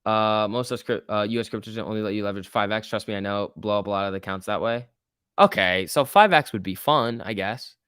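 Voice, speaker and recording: A man's voice: fairly low pitch, brisk, fairly bright tone, clear, resonant tone, no room sound, studio quality. A young man hosting a casual stock-market live stream, reading viewer comments aloud and cheering the chart on. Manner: chatty, reacts to chat and price moves, cheering the chart on. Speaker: stock market livestream host.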